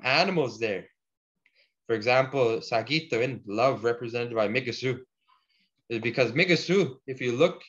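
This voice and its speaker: A man teaching a language class, patiently explaining word forms and repeating each example slowly for the learners. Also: medium pitch, a bit bright. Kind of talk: online language lesson. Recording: dull lo-fi audio.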